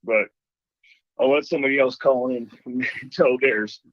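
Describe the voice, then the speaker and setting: A man calling in to a show and telling a ghost story in an animated way, acting out the voices he quotes. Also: mid-range voice, moderate pace, no room sound. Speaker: caller. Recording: dull phone line.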